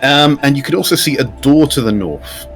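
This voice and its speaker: A man's voice: medium pitch, normal speed, a bit bright, soft background music. A man running a tabletop game as game master, describing scenes in an easygoing way and asking the players what they do.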